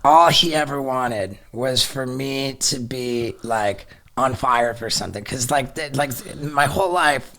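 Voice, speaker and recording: A middle-aged man telling a story in casual chat, animated, swearing often and restarting his sentences. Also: medium pitch, a little slow, few pauses. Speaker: podcast guest.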